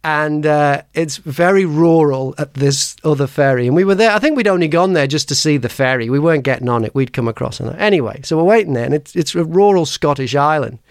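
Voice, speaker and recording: A man's voice: on the high side, animated, brisk, hardly any pauses, dry recording, clean studio sound. A man hosting a podcast, telling personal stories in a rambling way, with lots of restarts and laughs. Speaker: podcast host. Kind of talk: casual chat, personal storytelling.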